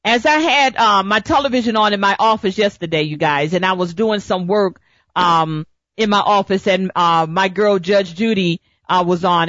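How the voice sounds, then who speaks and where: A woman's voice: on the high side, a bit bright, no room sound. A woman hosting a political talk radio show, speaking emphatically, repeating her points and firing off rhetorical questions. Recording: dull lo-fi dry recording.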